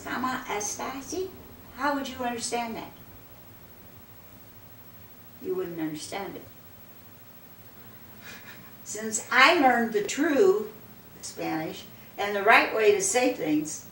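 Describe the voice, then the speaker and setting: A woman's voice: medium pitch, expressive, unhurried, long pauses, fairly bright tone. An older woman telling a story in a casual interview, rambling and repeating "I said" and "she said" as she goes. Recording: roomy and distant with faint background noise.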